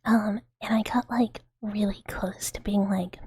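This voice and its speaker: A woman streaming ASMR and chatting in a breathy whisper, giggling and rambling with lots of "like" into a close microphone. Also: medium pitch, fairly even intonation, a little slow, darkish tone, no room sound.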